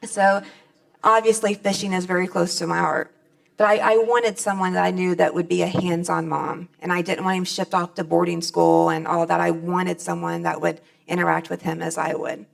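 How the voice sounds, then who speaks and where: A woman's voice: lowish voice, little pitch movement, normal speed, creaky. A middle-aged woman speaking on stage at a convention, giving a plainspoken, folksy personal testimony.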